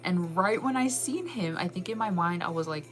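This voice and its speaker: A woman hosts her channel and tells a long story to her viewers in loose, animated chat. She laughs often and fills her sentences with "like". Her voice sits a little low, with soft music playing faintly behind her. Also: moderate pace, low-quality recording. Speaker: channel host.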